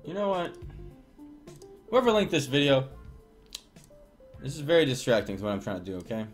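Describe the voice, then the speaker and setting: A young adult man streaming from home, talking in a casual, crude and rambling way while he plays. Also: fairly high pitch. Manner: crude, rambling, profane banter. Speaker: live streamer.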